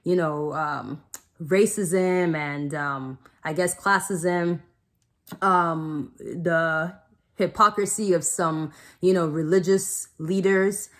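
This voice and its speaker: Rambling woman vlogger, slightly low voice. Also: steady tone, slow, a bit bright. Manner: rambling, many fillers, emotional and teary at times. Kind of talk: casual chat to camera.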